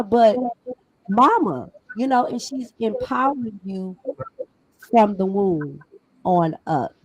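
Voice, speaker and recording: A woman's voice: on the low side, lively intonation, slow pace, poor audio. Emphatic middle-aged woman talk-show host. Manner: conversational, emphatic, preachy. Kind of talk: casual panel talk.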